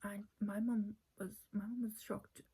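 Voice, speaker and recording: A woman's voice: mid-range voice, little pitch movement, unhurried, mellow, slightly rough, rough recording. A woman earnestly telling a personal family story, retelling conversations at length.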